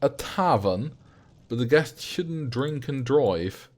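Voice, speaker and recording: A man's voice: medium pitch, animated, slow. A man whose first language is Dutch, joking with his chat in a casual livestream while he plays. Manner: jokey, bantering with chat. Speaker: streamer.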